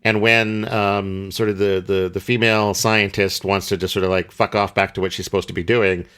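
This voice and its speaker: A man's voice: on the low side, little pitch movement, normal speed, a bit bright, clean tone. A man co-hosting a podcast, recapping a film in casual chat and rambling through many fillers and restarts. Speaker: podcast co-host.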